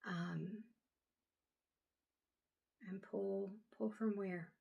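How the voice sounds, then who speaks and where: Soft-spoken woman, halting and tired. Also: medium pitch, fairly even intonation, creaky, slightly rough, highs cut off. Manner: soft, halting, many pauses and ums. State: low on energy. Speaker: intuitive reader. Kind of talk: casual talk to camera.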